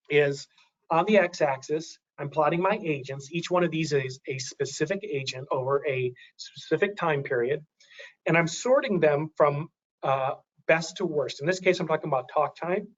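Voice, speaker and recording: A man's voice: fairly high pitch, dull audio. A man giving a webinar presentation, talking through graphs, thinking aloud with many restarts and fillers.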